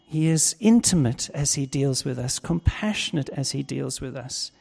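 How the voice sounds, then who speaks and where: A male preacher, delivering a sermon in a slow, deliberate way and building in intensity on key points. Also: medium pitch, animated, creaky, a little mellow, long reverb tail.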